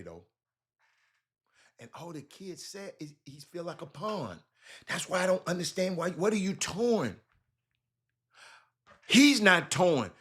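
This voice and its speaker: A man's voice: high-pitched, very animated, takes it slowly, long pauses, fairly bright tone, breathy edge. A man hosting a live sports talk show with a Southern US accent, speaking animatedly and calling out chat viewers by name.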